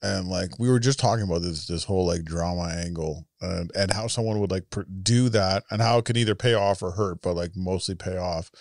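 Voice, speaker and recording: A young man co-hosting a podcast, talking casually in halting, restarting phrases. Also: low voice, gravelly, no echo, clean studio sound. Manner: halting, restarts, laughs often. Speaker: podcast co-host. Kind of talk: casual chat.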